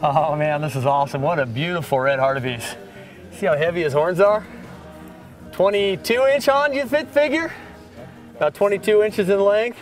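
An enthusiastic man hosts a hunting show, chatting outdoors with real excitement. His voice sits a little high, and music plays clearly beneath him. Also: moderate pace. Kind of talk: casual outdoor chat. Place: outdoors on a hunt.

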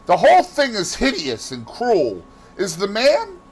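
A man voicing a sensitive, troubled young gentleman who speaks in a pleading, anxious way, in an audiobook reading. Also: on the high side, huge pitch swings, moderate pace, pitched above the performer's own voice, rough recording. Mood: bitter.

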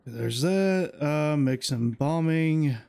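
A man's voice: on the high side, lively intonation, takes it slowly, creaky, darkish tone, clean tone. A young man playing a horror game and commenting. He is jumpy, talks to himself and reads instructions aloud. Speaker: gamer. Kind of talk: let's play commentary.

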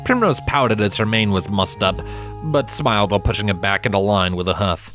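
A man reading a fan fiction story aloud as narrator, steady and dramatic. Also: lowish voice, a little fast. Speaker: fanfiction reader. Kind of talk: audiobook narration. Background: background music.

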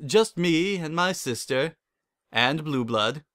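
Grand, mischievous princess pony, read by a man, formal and commanding, pitched up. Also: expressive, slow pace, a bit bright.

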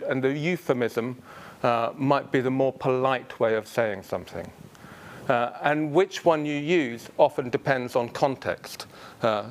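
A man giving a public lecture on word history in a college lecture room, relaxed and full of ums and uhs. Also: medium pitch.

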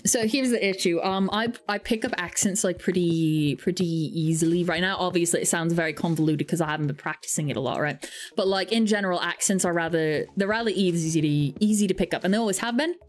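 A young woman streams a game and chats casually, her voice sitting on the low side and moving a little fast. She rambles through stories with plenty of fillers, often poking fun at herself.

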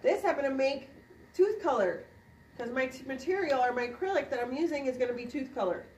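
A woman, a dental instructor, demonstrating a procedure to a class and quizzing students with quick questions. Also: high-pitched, darkish tone, distant mic, slight background noise. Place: clinic classroom. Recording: roomy sound from off-mic.

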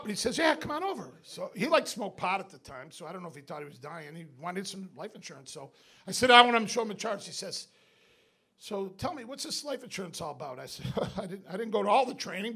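A middle-aged man from upstate New York doing stand-up, telling a story in a profane, animated way and shouting the punchlines. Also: sits high, husky. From Binghamton, New York. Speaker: stand-up comedian. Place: comedy club stage with live audience. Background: audience laughter.

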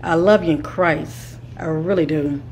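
A woman's voice: sits low, unhurried, a little mellow, a little hiss or hum. A woman giving a spiritual advice monologue, speaking with a repetitive, preacher-like cadence and calling her listeners kings and queens. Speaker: spiritual teacher.

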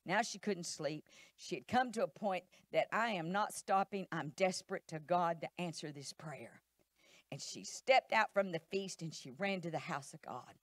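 Woman preaching a lively sermon. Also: lowish voice, moderate pace, no room sound. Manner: animated preaching, acting out voices. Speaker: pastor. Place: church.

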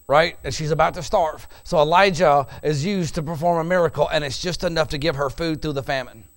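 A pastor delivering a sermon, moving from quiet storytelling to loud, emphatic preaching. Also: male voice, sits high.

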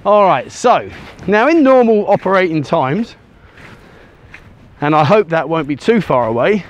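A man's high-sitting, very animated voice moves at a measured pace as he vlogs from a sunny beach, turning his handheld camera around. He talks in a loose, rambling way thick with ums and uhs, a little winded from walking on sand.

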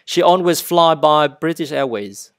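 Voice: mid-range voice, lively intonation, unhurried. A teacher whose first language is Vietnamese, speaking English with a Vietnamese accent. They read a textbook passage and then drill vocabulary, repeating each word and stressing its syllables. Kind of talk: slow vocabulary lesson with repetition drills.

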